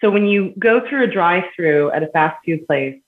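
A woman's voice: on the low side, expressive, normal speed. A woman guest in a podcast interview, explaining earnestly with everyday examples and laughing between points. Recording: echoey phone-quality line.

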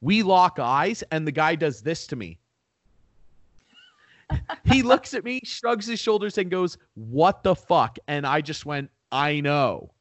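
A man from Canada chatting on a podcast, telling a long road-rage story with plenty of swearing. His voice rises and falls in a lively, animated way. The sound is dry and close, with no room around it. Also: a little high, measured pace, pauses often, no echo. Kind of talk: casual storytelling chat.

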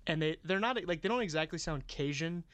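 Male co-host, clear higher voice, easygoing chatter. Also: lively intonation, a little fast, a bit bright, no room sound. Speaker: podcast co-host. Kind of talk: casual chat.

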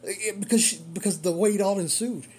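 A rideshare driver telling a story in casual monologue, animated and repeating phrases for emphasis. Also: medium pitch, a little fast, slight background noise.

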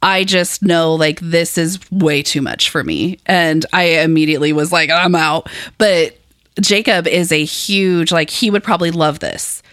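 A woman's voice: fairly low pitch, a little slow, no echo, studio quality. A woman in her thirties co-hosting a casual podcast, telling stories with frequent laughter. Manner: laughs often, lively storytelling. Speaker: podcast co-host. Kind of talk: casual chat.

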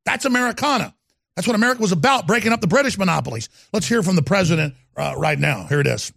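A middle-aged man hosting a talk show, ranting about politics with sneering, loud bursts of emphasis. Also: animated, vocal fry, dry recording, studio quality. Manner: fast product pitching.

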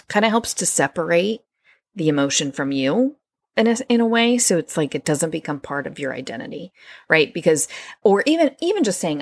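Low gravelly-voiced woman podcaster. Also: big pitch swings, normal speed, dry recording. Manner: conversational, many fillers and restarts. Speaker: podcast host. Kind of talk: solo podcast talk.

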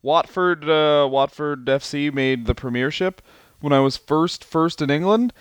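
A man's voice: fairly high pitch, measured pace, smooth, no echo. Laughing, rambling man on a comedy podcast. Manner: rambling storyteller, laughs often, many fillers. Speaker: podcast co-host. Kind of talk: casual comedic chat.

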